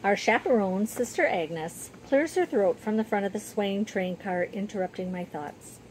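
A woman narrating a children's story in the first person with a gentle, even storytelling manner. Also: medium pitch, moderate pace, a little hiss or hum, poor audio.

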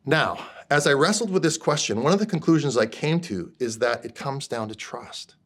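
A man's voice: medium pitch, animated, moderate pace, a bit bright. Conversational male preacher. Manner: conversational, checking in with listeners. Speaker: pastor. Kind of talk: sermon.

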